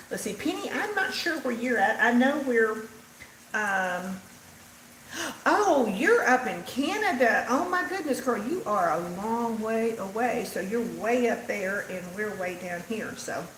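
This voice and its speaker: A woman's voice: on the high side, fairly bright tone. An older woman with an easy Texan Southern drawl chats unhurriedly with her livestream viewers while she cooks. Her voice rings in a roomy home kitchen over a faint background hum. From Texas. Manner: chatty, reads out and answers live viewer comments. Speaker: host. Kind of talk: casual livestream cooking chat.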